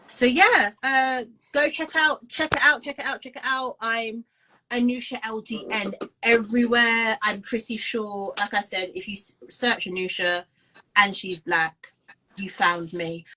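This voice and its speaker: A London woman in her twenties, a musician, co-hosts a casual video-call chat, rambling with plenty of ums and restarts in her London English accent. Her fairly high voice is bright and forceful, with fairly even intonation and an unhurried pace. The recording is low quality, with slight background noise.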